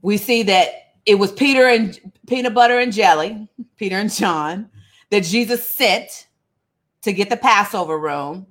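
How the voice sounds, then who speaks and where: Unhurried woman Bible teacher, folksy and engaging, calls out to her listeners. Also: medium pitch. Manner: lively and conversational, calling out to listeners. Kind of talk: casual sermon-style Bible teaching.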